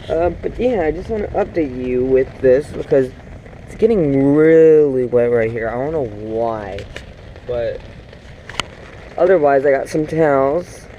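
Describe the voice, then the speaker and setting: This man's mid-range voice has a warm tone, though the highs are cut off and a faint hiss or hum sits underneath. He's vlogging casually from a small tent as heavy rain falls, chatting to his dog and rambling with lots of fillers. A camera on a tripod captures him.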